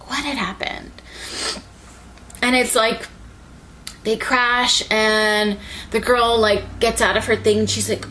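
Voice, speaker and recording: A young woman rambling excitedly through an anime recap, full of "like" and swearing. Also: a little high, slow pace, slight background noise. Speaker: anime reviewer.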